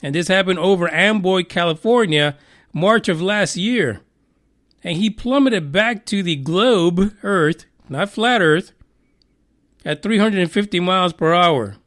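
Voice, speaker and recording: A man's voice: high voice, unhurried, a bit bright. A man hosting a podcast news show, giving crude, mocking commentary, swearing freely and laughing as he reads a story. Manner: profane, mocking, laughs while reading.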